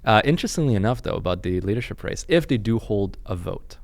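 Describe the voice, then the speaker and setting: A man's voice: on the low side, expressive, quick pace, no room sound. A man from Canada hosting a political podcast, blunt and joking, with a lot of swearing. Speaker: podcast host. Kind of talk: casual political podcast chat.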